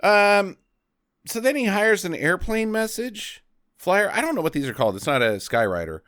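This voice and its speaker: A man with a lively, up-and-down voice, talking through a bad movie in a loose, profane podcast chat. His tone is smooth and his sound is dry and close. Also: high-pitched, brisk, dry recording. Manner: profane, jokey, recaps plot with silly put-on voices. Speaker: podcast co-host. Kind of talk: casual movie-recap chat.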